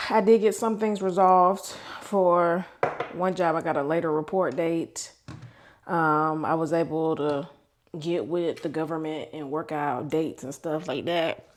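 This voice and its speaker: Candid thirties woman venting, low-pitched. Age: 30s. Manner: candid, venting, swears freely. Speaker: vlogger. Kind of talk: casual personal vlog.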